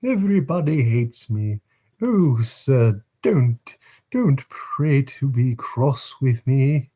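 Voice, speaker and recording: A man voicing a small orphan boy who begs tearfully in a high, pleading voice during a storybook reading. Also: very animated, takes it slowly, dark tone, a little hiss or hum. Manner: tearful, begging, high-pitched.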